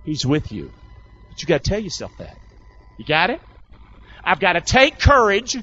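A male preacher, leading a sermon with call-and-response and swinging from loud exclamations to hushed asides in a folksy way. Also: high-pitched, wildly swooping pitch, normal speed, slight background noise. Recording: dull lo-fi sound.

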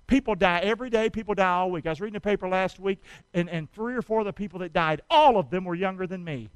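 A man preaching a sermon, calling on the congregation to repeat after him and shouting exhortations. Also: sits high, fast talker, smooth, dry recording, rough recording. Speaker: pastor.

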